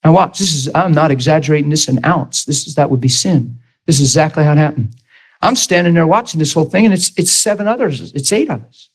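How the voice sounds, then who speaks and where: A man preaching, retelling a story in an animated, emphatic way with lots of repetition. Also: on the high side, fast, husky, low-quality recording. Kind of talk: storytelling sermon.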